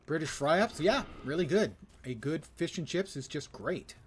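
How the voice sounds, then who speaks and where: A man's voice: on the high side, lively intonation, a little hiss or hum. Older man rambling over a game. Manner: rambling, chatty, with frequent filler pauses. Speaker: game streamer. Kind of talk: casual gaming commentary.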